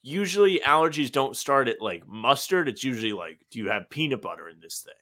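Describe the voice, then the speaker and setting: A man's voice: mid-range voice, sing-song, brisk, bright, forceful tone. A young man co-hosting a podcast, telling casual anecdotes with lots of "like". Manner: chatty anecdotes, many "like" fillers. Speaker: podcast co-host. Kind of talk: casual chat.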